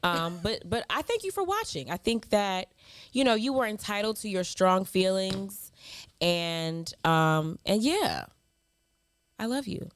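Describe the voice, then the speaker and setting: A woman's voice: mid-range voice, very animated, unhurried, no echo. Sassy woman reading hate mail, dry sound. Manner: sassy, mocking clapbacks with laughter. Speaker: podcast co-host. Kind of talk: casual chat, reading hate mail aloud.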